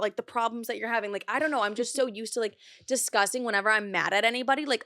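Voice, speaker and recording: A woman's voice: mid-range voice, fast, hardly any pauses, a bit bright, no room sound, studio quality. A young woman in her twenties hosting a podcast, chatting casually, filling her talk with "like" and swearing freely. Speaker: podcast host. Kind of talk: casual chat.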